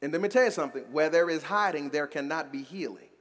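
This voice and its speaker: A male pastor preaching a sermon in a church, calling out to the congregation and rising to shouts. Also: a little high, fast, long reverb tail.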